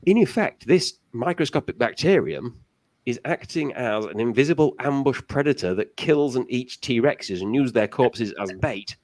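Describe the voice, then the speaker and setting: A man's voice: medium pitch, expressive, normal speed, a little mellow. A man as a guest on a casual talk show, giving long explanations with many restarts.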